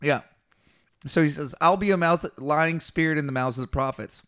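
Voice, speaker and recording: A man's voice: on the high side, moderate pace, fairly bright tone, clean tone. A man casually reading a scripture passage aloud and retelling it in slangy, swearing asides, mimicking the figures. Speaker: podcast co-host reading scripture.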